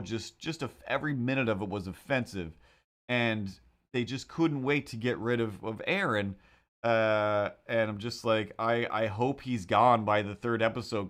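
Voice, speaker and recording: A man's voice: lowish voice, fairly bright tone. A man hosting a drawing livestream, chatting casually in a rambling, sarcastic way with frequent restarts. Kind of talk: casual chat.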